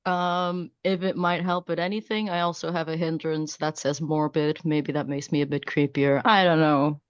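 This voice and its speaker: A woman's voice: low-pitched, level tone, moderate pace, clear, resonant tone, muffled recording. A woman player chatting casually at a tabletop game, laughing and swearing freely.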